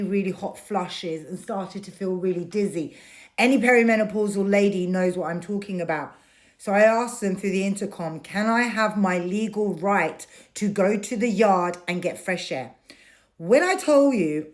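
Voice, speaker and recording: A middle-aged woman, telling a personal story to camera in an indignant, emphatic rant. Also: mid-range voice. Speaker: vlogger.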